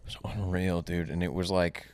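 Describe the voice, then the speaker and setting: A man with a smooth, clean voice, heard close and dry with no room sound. He co-hosts a casual podcast and tells loose, rambling stories, often laughing through them. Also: low-pitched, flat delivery, a little fast, darkish tone, dry recording. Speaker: podcast co-host. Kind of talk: casual chat.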